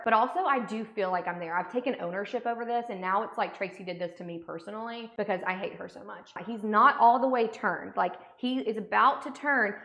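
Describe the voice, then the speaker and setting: This young makeup vlogger tells a story as a sarcastic, indignant rant while applying makeup. Her voice has a medium pitch and a bit of brightness. Echo from the room is audible.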